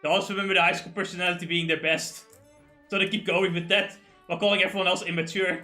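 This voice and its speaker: A man's voice: high voice, flat delivery, fast talker, bright, forceful tone, soft background music. A man hosting a livestream in casual chat, ranting animatedly and swearing freely. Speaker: streamer host.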